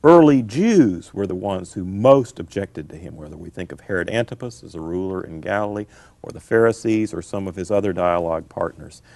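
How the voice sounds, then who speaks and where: A man's voice: deep voice, a little fast, gravelly, a little mellow, no echo. A middle-aged man, a scholar answering interview questions in an emphatic, lecturing way, repeating his key phrases. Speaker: guest scholar.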